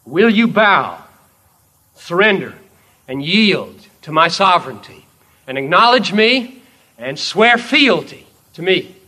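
A man voicing a sovereign king who speaks in a calm, commanding, measured way. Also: high-pitched, voice pushed up, heavily acted.

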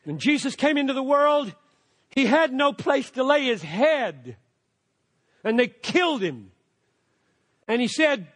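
An older man preaches with a high, ringing voice that carries a long reverb through a big hall. He drives his points with emphatic declarations, then drops into quiet, conversational asides. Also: very animated, a little slow, long pauses. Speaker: pastor. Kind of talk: sermon.

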